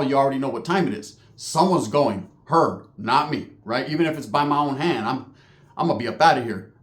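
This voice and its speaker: Slangy, profane man telling a story. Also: a little high. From California. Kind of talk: casual storytelling. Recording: roomy echo.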